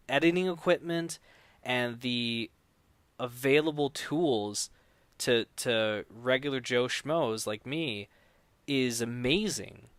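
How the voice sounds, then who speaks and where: Recorded dry with a clean tone, a man with a mid-range voice talks casually about shooting films on no budget as a podcast guest. His talk rambles with frequent restarts, and he delivers quoted exchanges loudly, acting them out.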